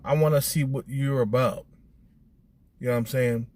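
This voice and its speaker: A man's voice: normal speed, no echo. Blunt profane middle-aged man. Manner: blunt and profane, repeats "you know what I'm saying"; animated, rising high when quoting texts. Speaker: vlogger. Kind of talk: casual monologue.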